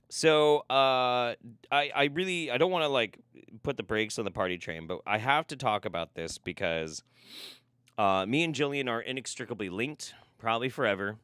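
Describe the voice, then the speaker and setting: A man's voice: mid-range voice, normal speed, fairly bright tone, clean tone, no echo, studio quality. A man hosting a live stream, reacting to videos with sarcastic, rambling, profane commentary. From United States.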